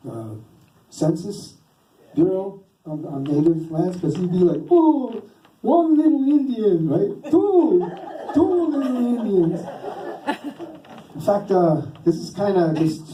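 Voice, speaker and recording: Onstage at a comedy club, a comedian spins a loose, self-mocking tale packed with fillers and false starts. His voice is fairly high yet dark in tone, heard through a distant mic in a roomy hall with a faint hiss.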